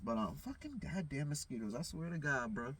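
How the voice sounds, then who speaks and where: A man's voice: fairly high pitch, big pitch swings, fairly quick, fairly bright tone, slight background noise. A man talking in a loose, profane, rambling vlog monologue, often stammering and restarting. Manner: profane, loose, repeats "you know what I'm saying"; loses his train of thought, stammers restarts. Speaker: vlogger.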